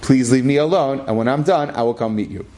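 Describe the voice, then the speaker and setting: A man's voice: mid-range voice, quick pace, mellow, close to an everyday voice. A man voicing a rich man's butler delivering a dismissive message.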